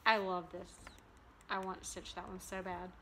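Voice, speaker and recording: A vlogger enthusiastically shows off her cross-stitch purchases in a casual show-and-tell chat, dropping frequent ums. Her fairly low voice stays fairly level in pitch at a normal speed, a bit bright, over a little hiss or hum.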